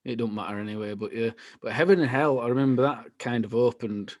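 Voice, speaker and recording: A man in his thirties reminiscing in casual podcast chat. His voice sits at a middling pitch, and he rambles along easily, often trailing off mid-thought. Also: quick pace. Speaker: podcast co-host.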